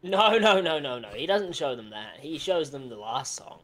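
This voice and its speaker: A man's voice: a little high, big pitch swings, normal speed, a bit bright. A young man co-hosting a music reaction video, bantering playfully in casual chat.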